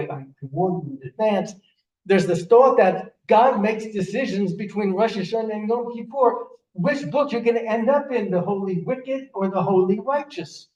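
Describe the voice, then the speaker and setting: A high, dark-toned voice belongs to an older man giving a sermon as a rabbi, earnestly storytelling while repeatedly beginning his words anew. He's in a synagogue sanctuary, heard at a distance in an echoey room.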